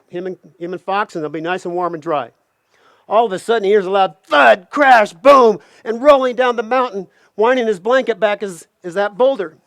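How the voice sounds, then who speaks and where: A man telling a folk tale aloud, animated, with playful asides. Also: sits high, no room sound. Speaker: storyteller.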